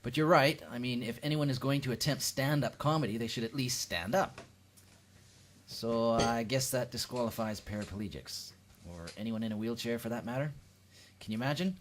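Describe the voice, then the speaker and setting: A Canadian man doing a seated at-home stand-up comedy routine, deadpan, with sudden jumps into high-pitched quoted voices. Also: moderate pace, a little hiss or hum. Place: at home, lives in the UK.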